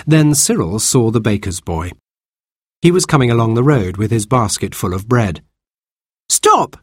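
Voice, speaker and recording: A man reading a children's storybook aloud in an expressive way. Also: fairly low pitch, moderate pace, husky, no echo, studio quality. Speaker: narrator.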